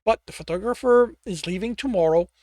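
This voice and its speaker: A man voicing an agitated male tiger who talks in an urgent, hurried way. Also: high-pitched, darkish tone, dry recording, clean studio sound, voice pushed up, close to an everyday voice. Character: agitated male tiger, frantic film star.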